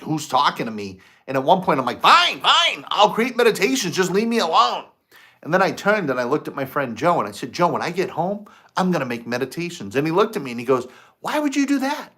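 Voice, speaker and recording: A man's voice: mid-range voice, a bit bright. A man hosting a spiritual livestream, greeting viewers and telling a story in a loose, conversational way. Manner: storytelling, acts out his own past quotes. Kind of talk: casual livestream chat.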